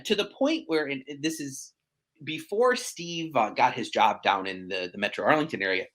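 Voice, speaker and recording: A man, a real estate agent chatting as a podcast guest, animated and self-deprecating with quick asides. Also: mid-range voice. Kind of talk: casual podcast conversation.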